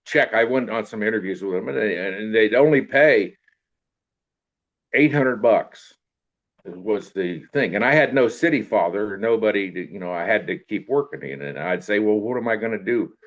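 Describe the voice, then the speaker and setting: A man's voice: lowish voice, lively intonation, normal speed. An older man telling a rambling, folksy story from his past, full of fillers and tags like "you know what I mean". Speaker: interviewee telling life story. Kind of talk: casual storytelling. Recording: dull lo-fi recording.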